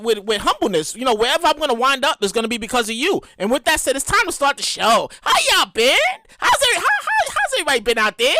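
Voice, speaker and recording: Animated high-voiced man hosting a podcast. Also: no room sound, clean studio sound. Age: 30s. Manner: animated, repetitive, talks straight to listeners. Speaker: podcast host. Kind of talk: casual solo podcast chat.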